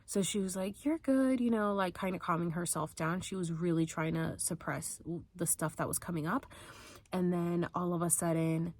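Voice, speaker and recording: A woman's voice: lowish voice, flat delivery, normal speed. A woman vlogger casually telling a personal story, rambling and filling it with "like". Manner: rambling, heavy use of "like", acts out quotes.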